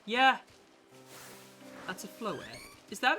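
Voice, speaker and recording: A woman streamer commentating live on a game, with loud, profane outbursts of disbelief. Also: mid-range voice, very animated, normal speed, music in the background.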